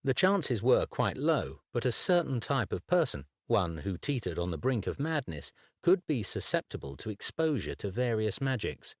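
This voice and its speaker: A man reading a dark fantasy audiobook in measured, scripted narration. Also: on the low side, big pitch swings, no room sound, studio quality. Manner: measured, unhurried storytelling.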